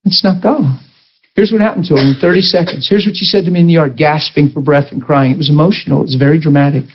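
A male pastor preaching a sermon, animated and emphatic, breaking into shouts, in a dull lo-fi recording. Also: fairly high pitch, quick pace, slightly rough.

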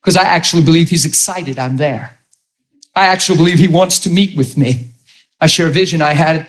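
Man, middle-aged, preaching sermon, fairly high voice, animated storytelling. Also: a little fast. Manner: animated, rises to near-shouting when retelling a story.

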